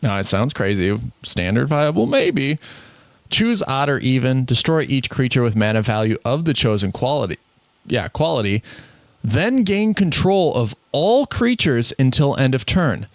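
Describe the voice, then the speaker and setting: Very animated and speaking at a moderate pace, a mid-range-voiced podcast co-host with a Midwestern accent talks card games casually with no echo. Rambling and laughing often, he fixes his own statements as he goes.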